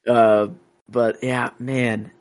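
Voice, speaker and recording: A man's voice: medium pitch, little pitch movement, extremely slow, darkish tone, no echo. A man co-hosting a podcast, chatting casually about a TV episode, often hesitating and trailing off mid-thought. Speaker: podcast co-host. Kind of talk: casual chat recapping a TV episode.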